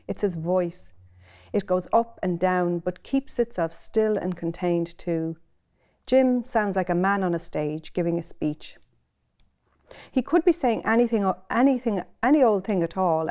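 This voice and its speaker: A woman's voice: lowish voice, darkish tone. Middle-aged Irish woman reading expressively. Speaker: author. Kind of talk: reading aloud and interview.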